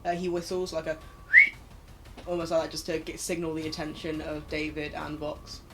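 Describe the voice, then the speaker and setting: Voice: medium pitch, monotone, moderate pace, very noisy. A player in a tabletop role-playing game, eagerly describing a character's actions. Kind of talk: casual tabletop game play.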